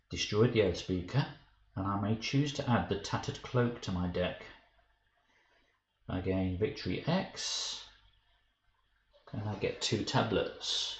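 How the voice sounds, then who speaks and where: Low-ish guy thinking out loud on a game stream, gets flustered, echoey room, dull mic with a bit of hiss. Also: takes it slowly, long pauses. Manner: thinking aloud, flustered and self-mocking. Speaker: streamer playing a card game. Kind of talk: live game stream commentary. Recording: dull roomy stream audio with faint hiss.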